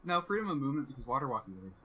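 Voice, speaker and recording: A man playing a tabletop game, thinking out loud about the rules. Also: medium pitch, very animated, very fast, a little hiss or hum, low-quality recording. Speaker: player. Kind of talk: casual chat at a tabletop game.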